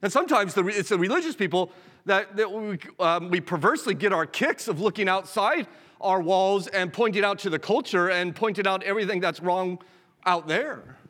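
A man's voice: high-pitched, moderate pace, fairly bright tone, big-room sound. A pastor preaching a sermon in an earnest, direct way, often restarting his phrases.

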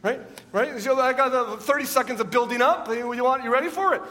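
Man, pastor, sermon, high voice, rhetorical questions, repeats himself, long church reverb. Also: a little fast, pushed and bright, a little hiss or hum.

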